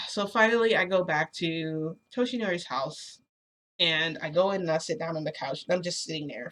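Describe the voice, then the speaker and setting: A woman's voice: deep voice, fairly quick, a bit bright. A woman telling a personal story in a casual, rambling way, full of fillers. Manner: rambling, lots of fillers like "like" and "you know". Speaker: storytelling vlogger.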